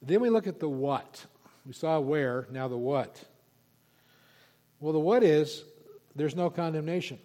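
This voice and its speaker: A pastor preaching an expository sermon, emphatic and repeating key words for stress. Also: male voice, a little high, expressive, measured pace, long pauses, mellow. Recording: long reverb of a large hall.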